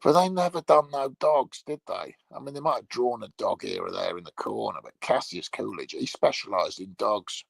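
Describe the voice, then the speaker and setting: A man playing a crude male troll, delivering a rambling, swear-filled comedy monologue in a gravelly, husky voice. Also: on the low side, animated, moderate pace, hardly any pauses, no room sound, exaggerated voice, rough recording.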